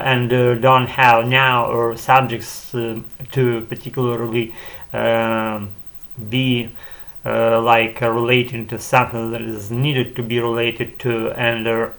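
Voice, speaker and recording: A man's voice: mid-range voice, creaky, a bit bright. A man at home, talking on in a rambling solo monologue with many fillers and restarts, and casual swearing. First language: Ukrainian. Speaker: channel host practicing spoken English.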